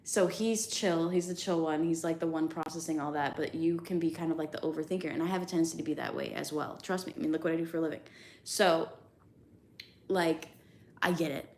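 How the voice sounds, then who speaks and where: Low, gravelly-voiced woman tarot reader. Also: a little fast, a little hiss or hum. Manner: chatty and animated, casual swearing. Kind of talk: casual livestream tarot reading.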